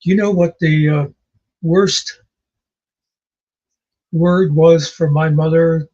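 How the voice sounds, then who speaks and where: A man's voice: fairly high pitch, steady tone, slow pace, darkish tone, dull audio. A man co-hosting a casual chat, telling rambling stories with many fillers. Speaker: podcast co-host.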